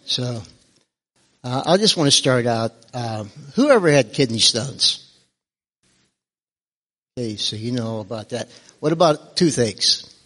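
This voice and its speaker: A man's voice: mid-range voice, lively intonation, takes it slowly, pauses often, fairly bright tone, big-room sound. A man giving a devotional talk at a church service, hesitant and earnest, with many fillers.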